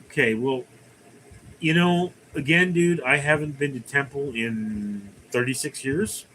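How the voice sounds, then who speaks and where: A man's voice: medium pitch, a little slow, fairly bright tone, a little hiss or hum, rough recording. A man hosting a casual livestream, reading viewer comments aloud and answering them in a rambling, conversational way. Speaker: livestream host.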